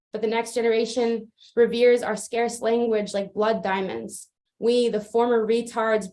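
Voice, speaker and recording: Woman poet, spoken word, flat even read, via video call. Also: mid-range voice. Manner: steady, even recitation with little rise and fall. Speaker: open mic poet. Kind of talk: spoken word poetry performance. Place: remote, joining from afar.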